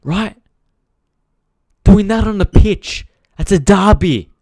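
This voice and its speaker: A man's voice: high-pitched, slow pace, a little mellow, no echo, clean studio sound. A man hosting a casual live-stream football chat, ranting with frustration, swearing freely and talking straight to his viewers. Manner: frustrated, talks to viewers directly. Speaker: football channel host.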